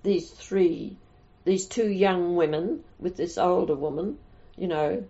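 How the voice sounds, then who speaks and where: An older woman with a low, gravelly, mellow voice, wandering through her anecdotes with restarts. It sounds like a dull, lo-fi recording. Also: animated, takes it slowly. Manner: rambling, with many restarts and chuckles. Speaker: nun being interviewed. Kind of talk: casual anecdotal storytelling.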